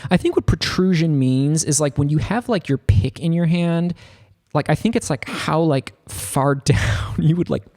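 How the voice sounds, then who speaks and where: A man's voice: on the high side, moderate pace, a little mellow, faint music behind. Rambling man teaching a synth plugin. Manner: rambling, loose, full of 'like' fillers. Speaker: music production tutor. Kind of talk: casual software synth tutorial. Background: faint synth keyboard notes.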